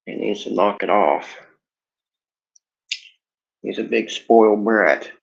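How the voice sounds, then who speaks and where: A man casually vlogging at home, rambling in a relaxed way about his dog. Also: takes it slowly, creaky. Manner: sing-song, playful chanting with big pitch jumps; talks to his dog in a coaxing voice. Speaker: cannabis vlogger. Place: home room. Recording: dull lo-fi home recording.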